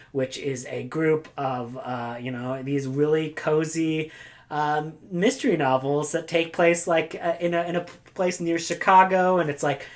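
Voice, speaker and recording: A woman chatting casually as a book vlogger, rambling with goofy asides, silly sound effects and lots of filler words. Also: low voice. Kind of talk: casual chat.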